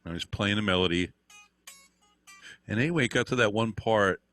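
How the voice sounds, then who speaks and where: A man's voice: on the low side, normal speed, a bit bright, no room sound. An older man, a guitar teacher, telling rambling anecdotes with lots of fillers and the odd swear word. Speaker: interview guest, guitar teacher. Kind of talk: casual storytelling.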